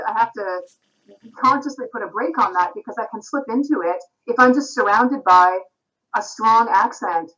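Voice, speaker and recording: A woman's voice: mid-range voice, fairly bright tone. A woman from Canada, a singer-songwriter, talking thoughtfully and reflectively as a guest in a video-call interview. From Canada, Vancouver. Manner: thoughtful, reflective, with frequent restarts. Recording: slightly dull Skype audio.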